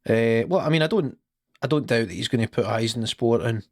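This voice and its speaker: A man's voice: medium pitch, animated, fairly quick, no room sound, clean studio sound. Scottish man telling rambling, laughing stories. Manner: rambling, swears freely, laughs at his own stories. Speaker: podcast co-host. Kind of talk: casual podcast chat.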